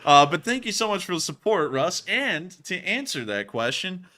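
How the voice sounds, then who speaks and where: A young man in his twenties hosting a casual live stream, joking and animated as he answers viewer questions. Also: high-pitched, moderate pace, crowd noise. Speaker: host.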